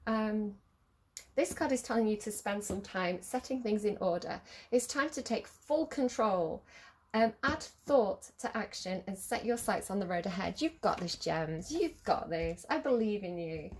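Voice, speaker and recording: A woman's voice: medium pitch, lively intonation, a little slow, slightly rough. Giggly, rambling woman. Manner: chatty, giggly, rambling with many fillers. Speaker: tarot reader. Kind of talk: casual tarot reading.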